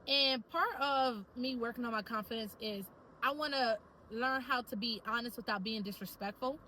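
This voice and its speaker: High, bright-voiced chatty woman vlogger. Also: moderate pace, slight background noise, rough recording. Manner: animated, chatty storytelling with lots of slang. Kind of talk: casual talk to camera.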